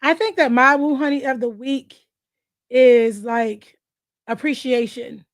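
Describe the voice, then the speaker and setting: High-voiced woman hosting a frank chat. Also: a little slow, no room sound, clean studio sound. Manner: frank, candid and emotional, with slang and cursing. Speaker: host. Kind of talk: casual chat.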